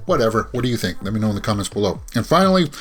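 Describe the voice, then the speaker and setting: A man's voice: lowish voice, big pitch swings, very fast, faint music behind. A man giving casual commentary as a movie news vlogger, rambling with frequent fillers and restarts and sighing, exasperated asides.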